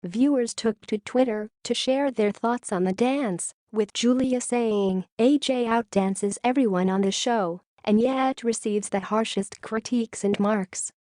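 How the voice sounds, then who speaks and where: A woman reads a celebrity news story in a steady, scripted way. Her voice sits a little high yet sounds mellow and soft-edged. The recording is close and dry, with no room sound. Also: measured pace, hardly any pauses, dry recording. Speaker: news narrator.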